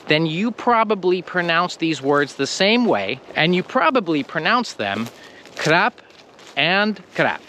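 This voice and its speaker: A man with an American accent teaching English pronunciation in a video lesson, slow and emphatic, stressing the ends of words. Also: high-pitched, bright, forceful tone, a little hiss or hum.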